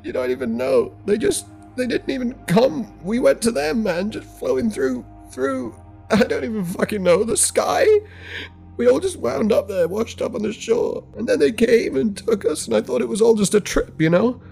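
A man's voice: very high-pitched, lively intonation, moderate pace, creaky, a little mellow, slightly rough, faint music behind, pitched above the performer's own voice, full character voice. A man voicing a traumatized young man, sobbing, panicked and swearing in a horror story. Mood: distraught. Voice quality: shaky, tearful, sobbing.

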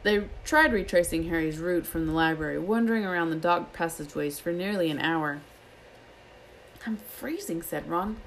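A woman reading a novel aloud as an expressive storyteller. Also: sits low, a little fast, hardly any pauses, slight background noise, low-quality recording. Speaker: reader.

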